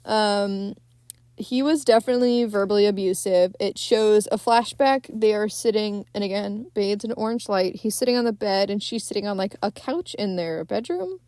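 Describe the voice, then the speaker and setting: Recapping a film on her podcast, this young woman rambles casually, swearing freely, laughing often and leaning on fillers. She speaks at a moderate pace in a warm, mid-range voice, and the recording has no echo.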